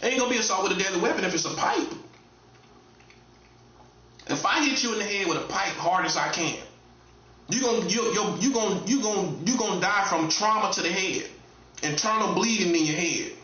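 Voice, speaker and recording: A man speaking as a self-styled prophet in a casual, streetwise monologue. He is blunt and emphatic, repeats his phrases and swings between loud high bursts and low mutters. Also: normal speed, long pauses. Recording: echoey room, dull lo-fi sound.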